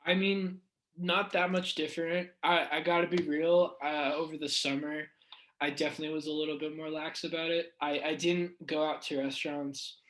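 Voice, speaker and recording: A man's voice: a little high, level tone, moderate pace, fairly bright tone, a little hiss or hum, poor audio. A young man from the United States, chatting as a podcast guest, full of fillers like "like" and swearing casually.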